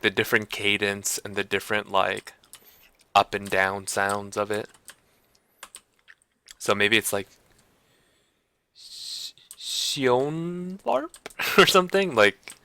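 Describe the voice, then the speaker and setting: A man chatting on a live stream, slow and unhurried, in a bright, smooth voice. He talks in a hesitant, self-conscious way and often laughs at himself. A keyboard clacks in the background. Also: lowish voice. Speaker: livestreamer. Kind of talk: casual live-stream chat.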